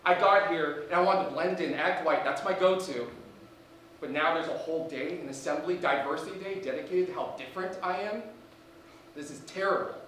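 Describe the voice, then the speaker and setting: Man, solo stage comic, dry and wry, bright high voice, far off in a roomy hall. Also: fairly quick, a little hiss or hum. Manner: wry and dry, turning reflective. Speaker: solo comedian playing himself as a student. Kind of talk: solo stage comedy monologue. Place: live theater stage. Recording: echoey stage from a distance.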